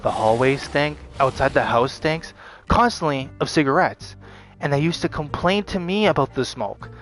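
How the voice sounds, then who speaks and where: Over faint background music, a vlogger with a highish, fairly bright voice and lively intonation rants at a moderate pace. His venting is profane and repetitive, packed with fillers.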